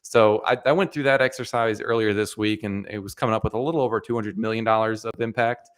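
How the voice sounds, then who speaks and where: A man with a fairly low voice co-hosts a casual investing live stream. He works through his points in a halting way, starting over and filling gaps with small words as he thinks aloud. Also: steady tone, clear, resonant tone. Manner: hesitant, full of restarts and fillers. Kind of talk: casual finance chat.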